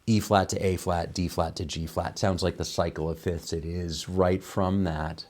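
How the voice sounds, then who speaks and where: A man explaining a piano arrangement in a tutorial, enthusiastic and relaxed, musing aloud between examples. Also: deep voice, normal speed. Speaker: piano teacher. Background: piano playing.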